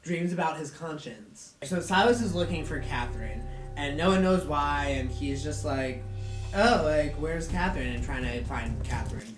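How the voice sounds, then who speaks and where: A man's voice: on the high side, moderate pace, hardly any pauses. A man recapping a TV episode in a rambling, filler-heavy, sweary way, acting out bits of dialogue. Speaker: video host recapping an episode. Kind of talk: casual recap vlog. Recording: roomy echo from a distant mic, faint music.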